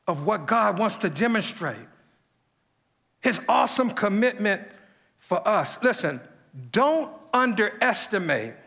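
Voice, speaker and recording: Male pastor, high and bright, slow measured preaching with emphatic repeats. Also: vocal fry, long reverb tail. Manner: preaching with repetitions and emphatic rises. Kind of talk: sermon.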